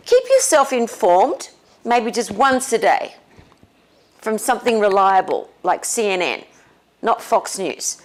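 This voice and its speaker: Slow-speaking woman guiding a meditation. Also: fairly high pitch. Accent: non-American English. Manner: slow, relaxed, with frequent laughs. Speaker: spiritual teacher leading a meditation. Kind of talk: casual talk and guided meditation.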